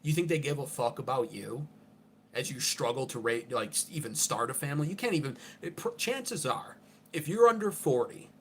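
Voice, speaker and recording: A man's voice: medium pitch, expressive, moderate pace, fairly bright tone, a little hiss or hum. A man under forty, hosting an unscripted political livestream in an abrasive, profane, ranting way.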